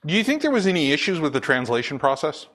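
In a church full of laughter, a Pacific Northwest pastor preaches casually, reading from scripture and answering his own questions. His voice is on the high side, fast and sing-song, with a slightly bright quality.

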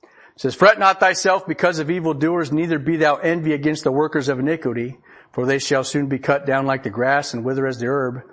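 A man's voice: fairly high pitch, steady tone, fairly quick, a bit bright. A man preaching a conversational sermon, folksy and chuckling often as he reads scripture aloud. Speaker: pastor.

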